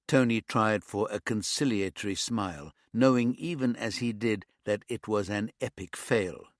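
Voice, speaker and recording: A man reading a crime thriller as an audiobook narrator, in measured, even storytelling. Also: lowish voice, dry recording, studio quality. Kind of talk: scripted narration.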